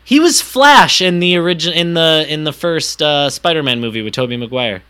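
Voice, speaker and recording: Man, podcast co-host, animated profane rant, bright tone. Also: a little high, normal speed, clean tone. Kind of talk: casual comedic chat.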